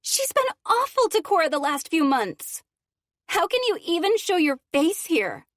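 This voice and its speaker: Woman doing a shrill teenage girl, furious, snapping, high and loud, audiobook. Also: very animated, measured pace, dry recording, studio quality, heavily acted. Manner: sharp, snapping, accusing.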